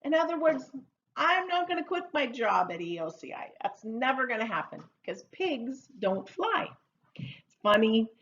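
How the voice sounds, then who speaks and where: A woman teaching English idioms in a slow, repetitive lesson, playfully drawing out each phrase for learners to repeat. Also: a little high, sing-song, a bit bright, highs cut off, slight background noise. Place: Oregon.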